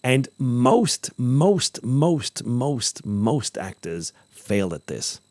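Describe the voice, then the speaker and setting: A man hosting a podcast, talking casually about acting craft, animated and repeating phrases for emphasis while acting out example lines. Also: mid-range voice, extremely slow, no room sound. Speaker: podcast host, acting teacher.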